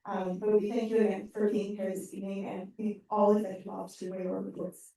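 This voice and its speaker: A woman's voice: medium pitch, level tone, fast, creaky, dark tone. Firm young woman in an echoey hall. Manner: firm and emphatic, urging listeners. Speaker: student government president. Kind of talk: formal meeting remarks. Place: large meeting hall. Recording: echoey room from far off.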